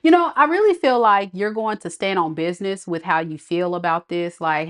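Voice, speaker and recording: A woman's voice: fairly low pitch, normal speed, hardly any pauses. A woman giving a casual tarot reading, chatty, blunt and sassy with her viewers. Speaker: tarot reader.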